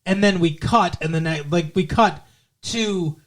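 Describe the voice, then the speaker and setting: A podcast co-host with a mid-pitched voice, talking casually through a TV episode recap. The talk rambles with restarts and dry asides. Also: a little slow.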